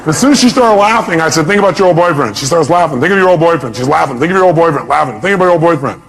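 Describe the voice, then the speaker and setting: A man giving a motivational seminar talk, animated, acting out quotes in a raised voice and asking the audience questions. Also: on the high side, racing, some chatter behind, slight background noise, poor audio. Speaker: motivational speaker.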